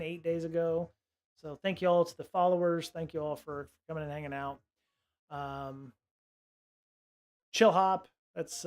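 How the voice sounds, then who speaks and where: A man with a fairly high voice hosts a relaxed livestream and chats casually to his viewers. He rambles, restarts sentences and fills pauses with "um" and "uh". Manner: rambling, full of fillers and restarts. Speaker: livestream host.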